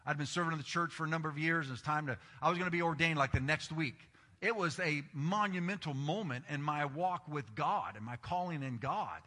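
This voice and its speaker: A man's voice: on the high side, a little fast, sharp tone. A middle-aged man preaching a sermon as pastor, telling stories animatedly and acting out the voices he quotes. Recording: long reverb of a large hall.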